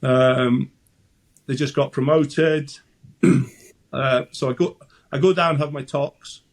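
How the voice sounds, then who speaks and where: A man's voice: medium pitch, fairly even intonation, takes it slowly. A Scottish man in his sixties, a former goalkeeper, chatting as a guest and telling anecdotes with frequent restarts. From Scotland. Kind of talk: casual interview chat.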